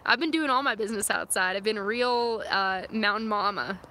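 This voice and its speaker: On a phone livestream outdoors in the wilderness near her van, a young woman vlogger reads live chat comments and rambles through answers full of "like" and "um." Her mid-range voice is brisk, pushed and bright. The phone camera picks up a little hiss or hum.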